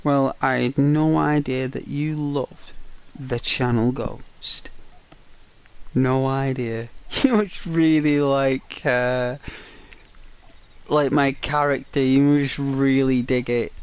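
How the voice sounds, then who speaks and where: A man's voice: medium pitch, steady tone, takes it slowly, smooth. A man chatting casually and playfully with his live viewers as a game streamer, teasing them and rambling with lots of fillers.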